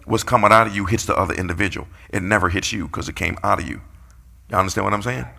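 A man's voice: on the low side, fast, creaky, sharp tone. A man preaching a sermon, playfully calling out his congregation and acting out quotes.

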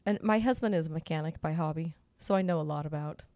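A woman's voice: low-pitched, fast, dark tone, no room sound. A middle-aged woman telling a story in casual chat, acting out the people she quotes and laughing along. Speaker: podcast co-host.

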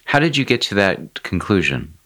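A man with a very deep voice puts measured, formal questions to a guest. He sounds set back from the microphone. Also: very animated, pushed and bright, dry recording. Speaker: interviewer. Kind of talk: interview questions.

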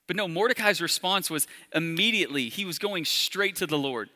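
Man, pastor, sermon, very bright tone, slightly high voice, conversational. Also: expressive, fairly quick, few pauses, long reverb tail. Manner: casual, conversational preaching, dropping to soft intimate appeals.

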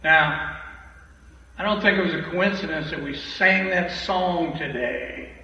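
A man giving an animated, emphatic testimony to a church congregation, repeating phrases for effect, heard from a distance in a large hall. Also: fairly high pitch, a little slow. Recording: echoey hall from far off, dull and noisy.

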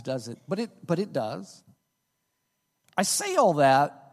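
A male pastor preaching with a high, lively voice that rises and falls freely. He drives his points home with emphasis and keeps checking in with the congregation. The sound carries a long reverb from a big church hall. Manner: emphatic preaching with frequent "okay?" check-ins. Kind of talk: sermon.

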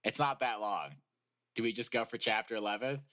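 A man's voice: fairly low pitch, a little fast. A man co-hosting a podcast, reading fan fiction aloud and joking around. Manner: lively, jokey. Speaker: podcast co-host.

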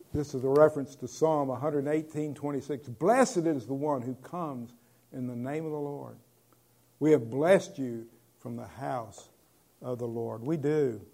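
Man preaching with big loud swings. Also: mid-range voice, creaky. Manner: conversational preaching, shifts between loud proclamation and quiet asides. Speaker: pastor. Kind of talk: sermon.

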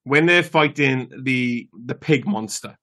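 A man's voice: medium pitch, unhurried, bright, forceful tone. Chatty man with mid-range voice. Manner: chatty, filler-heavy, enthusiastic retelling. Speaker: podcast co-host. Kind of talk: casual film discussion.

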